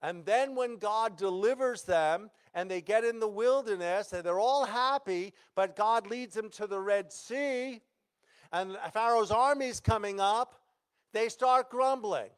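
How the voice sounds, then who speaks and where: High-voiced male pastor acting out a sermon. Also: a little slow, clean tone. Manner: dramatic storytelling, acting out quoted voices.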